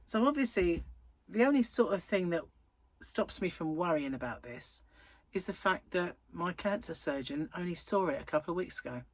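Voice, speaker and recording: Crochet vlogger, woman in her thirties, rambling casual chat, breathy lowish voice. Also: expressive, moderate pace, dry recording. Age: 30s. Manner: rambling and chatty, with frequent fillers.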